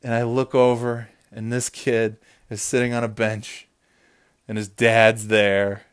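A man telling a comic story in a lively, mocking manner, swearing often. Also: medium pitch, takes it slowly, clean tone. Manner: animated, swears a lot, mocking. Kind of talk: profane comedic storytelling.

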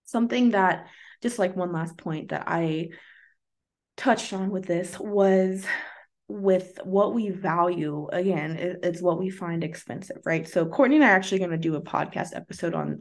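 A woman hosting a casual solo podcast as a health coach, talking earnestly and encouragingly with lots of "like" fillers and light laughs. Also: on the low side. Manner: chatty, earnest, filler-heavy with frequent "like".

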